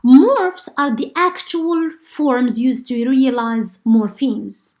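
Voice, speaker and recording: A woman from Morocco, an Arabic native speaker, teaches a university linguistics class. Her voice sits a little high, and she explains step by step, filling gaps with "uh" and checking understanding with "okay?". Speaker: linguistics lecturer. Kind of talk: university lecture.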